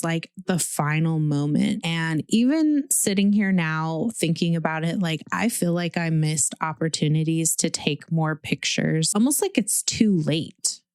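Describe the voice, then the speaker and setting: A woman in her thirties hosting a podcast, casually telling a personal story in a chatty, animated way with lots of "like". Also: lowish voice, clean tone, dry recording, clean studio sound. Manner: chatty, uses "like" often, animated retelling. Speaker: podcast host.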